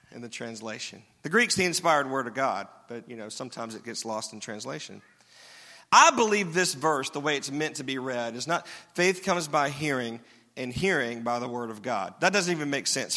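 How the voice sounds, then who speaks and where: A man's voice: mid-range voice, sharp tone. A man preaching a sermon as pastor, talking conversationally and checking in with the congregation. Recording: long reverb of a large hall.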